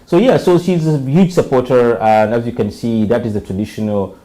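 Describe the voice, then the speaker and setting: A man's voice: mid-range voice, fairly quick, warm tone, poor audio. A man who explains things eagerly as a guest in casual TV studio chat, often restarting his sentences. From Uganda. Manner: enthusiastic, explains with many restarts.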